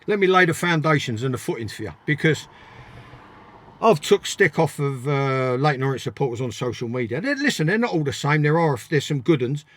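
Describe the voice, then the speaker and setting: His voice is on the high side and a bit bright. A blunt older man and former footballer, he tells casual stories as an interview guest, emphatic and repetitive, swearing freely.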